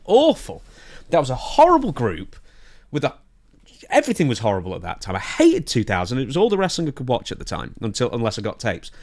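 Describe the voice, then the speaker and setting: A man chatting casually on a podcast into a studio microphone, animated and excitable, with sudden loud outbursts. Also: on the low side. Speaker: podcast co-host.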